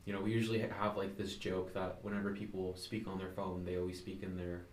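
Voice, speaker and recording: A young man in a class discussion, talking in a relaxed way and reading a short passage aloud. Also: sits low, fast. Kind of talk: casual discussion. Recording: roomy echo, faint noise.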